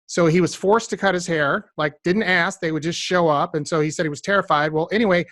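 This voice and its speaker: Recorded in a clean studio with no echo, this business podcast host has a high-pitched voice and talks a little fast. He carries the conversational interview with animated storytelling, addressing his listeners directly.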